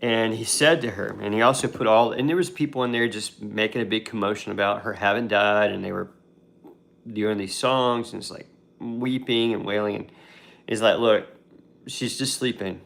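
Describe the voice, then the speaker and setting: A man's voice: fairly low pitch, fairly even intonation, moderate pace, creaky, a bit bright. A man casually retelling a Bible story as a devotional host, talking conversationally with fillers and restarts.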